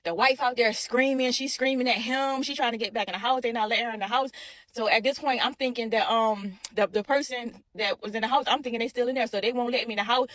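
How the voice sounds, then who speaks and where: Young woman, casual storyteller; quick delivery, bright-ish high voice, keeps repeating lines. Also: dry recording. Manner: animated, repeats herself, addresses viewers as y'all.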